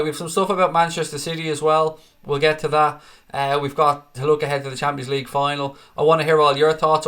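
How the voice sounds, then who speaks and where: A man's voice: fairly high pitch, pushed and bright. A tired man hosting a football fan live stream, chatting casually and answering viewer comments by name, calling them mate.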